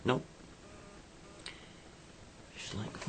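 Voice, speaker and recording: A man's voice: lowish voice, measured pace, fairly bright tone, a little hiss or hum. A man casually retelling a story, loose and conversational.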